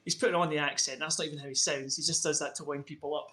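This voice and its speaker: A man voicing an older stand owner who speaks in a calm, soft-spoken way. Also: on the high side, very fast, soft background music, pitched below the performer's own voice. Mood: apologetic.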